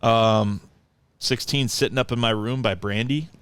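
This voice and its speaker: A man's voice: mid-range voice, steady tone, measured pace, a bit bright, clear, resonant tone. A man co-hosting a podcast, reading out a countdown list in casual chat and laughing often. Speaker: podcast co-host.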